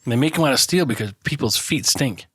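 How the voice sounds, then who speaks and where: A man with a husky, mid-pitched voice banters on a casual podcast, peppering every story with curses and bursts of laughter. He rambles from one tangent to the next. The sound is dry and close. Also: lively intonation, fast, fairly bright tone, no echo. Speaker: podcast co-host.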